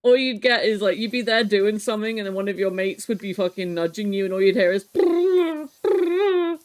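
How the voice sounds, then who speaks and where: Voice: mid-range voice, quick pace, rough recording. A live streamer in their thirties, chatting casually and reminiscing with viewers, swearing freely and laughing often. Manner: reminiscing, animated storytelling. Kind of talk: casual chat while cleaning on stream.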